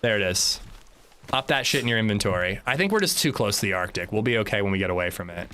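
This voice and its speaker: A man's voice: fairly low pitch, lively intonation, quick pace, pushed and bright, slight background noise. A male streamer chatting casually while gaming, swearing lightly and laughing easily.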